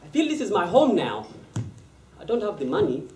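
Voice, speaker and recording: A woman's voice: medium pitch, sing-song, fairly quick, mellow, slight background noise, natural voice. An actress playing an immigrant woman who has lived in England for eleven years, speaking earnestly in a stage monologue. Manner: earnest, emphatic testimony. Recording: echoey room, voice from far off.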